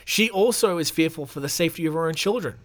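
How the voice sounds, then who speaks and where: A man's voice: fairly high pitch, animated, fast. An Australian man hosting a podcast, reading news stories aloud with sarcastic, rambling asides and casual swearing. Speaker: podcast host.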